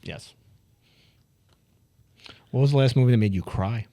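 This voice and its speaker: A man's voice: mid-range voice, a little slow, creaky, mellow. A man hosting a podcast, firing off playful questions in a rambling, joking way. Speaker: podcast host. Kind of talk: casual chat.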